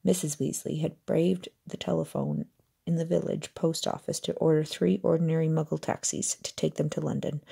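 Amateur audiobook reader, woman, low and husky, plain steady narration. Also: normal speed. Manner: reads steadily with occasional slips and self-corrections.

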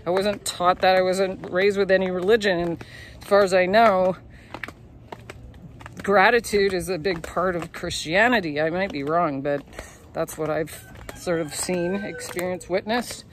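A woman's voice: lowish voice, fairly even intonation, unhurried. Woman tour guide, casual vlog, candid and profane, laughs a lot, faint noise and clicks behind. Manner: candid, laughing, swears freely. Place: outdoors on a hillside lookout.

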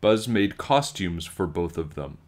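A man reading a children's storybook aloud, with slow, expressive storytelling. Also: sits low. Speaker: children's book reader.

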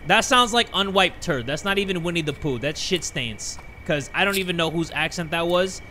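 Young gaming youtuber guy, bright high voice, all over the place, jokey horror playthrough. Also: slight background noise. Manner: animated, joking, quick swings from loud to muttering. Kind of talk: horror game let's play commentary.

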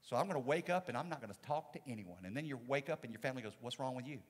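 A man, a pastor, preaching a sermon with dynamic swings from loud to soft. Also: mid-range voice, lively intonation, very fast, breathy edge, in a large hall. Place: church sanctuary.

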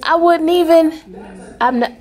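A woman vlogger talking casually to her viewers. She is chatty and expressive and breaks into loud, alarmed exclamations. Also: very high voice, slow. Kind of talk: casual vlog chat.

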